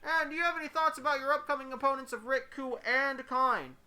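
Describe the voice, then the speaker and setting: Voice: high voice, steady tone, a little fast, bright, forceful tone, pitched above the performer's own voice. A narrator voicing a curious reporter asking about upcoming opponents. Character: second reporter in the crowd.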